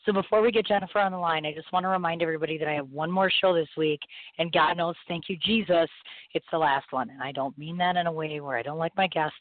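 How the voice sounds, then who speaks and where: Brief: woman talk-radio host, voice hoarse and going, rapid chatty self-deprecating delivery, tinny phone sound. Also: low voice, no room sound. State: hoarse, losing her voice. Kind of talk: casual chat.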